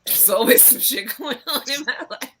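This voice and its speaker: A woman guest on a podcast, chatting casually and telling animated stories, swearing freely and laughing often. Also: high voice, moderate pace, crowd noise. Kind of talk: casual chat.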